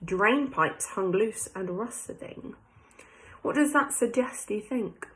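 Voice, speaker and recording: A woman's voice: mid-range voice, expressive, takes it slowly, a bit bright, low-quality recording. A young woman teacher reading a class book aloud, stopping to ask her pupils questions in a chatty way. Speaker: primary school teacher.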